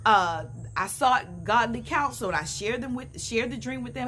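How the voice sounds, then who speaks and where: Middle-aged woman, earnest testimony vlog, slightly high voice, handheld phone outdoors, faint background hiss. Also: animated, moderate pace, sharp tone. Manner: earnest, conversational, addresses viewers as y'all. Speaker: vlogger sharing a faith testimony. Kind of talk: casual personal testimony. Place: outdoors on a sunny morning.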